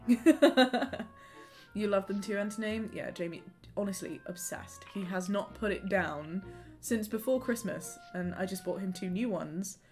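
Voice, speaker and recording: A woman's voice: medium pitch, normal speed, a little mellow. A young woman chatting bubbly and casual with viewers during a live gaming stream at home, greeting them by name. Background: game music.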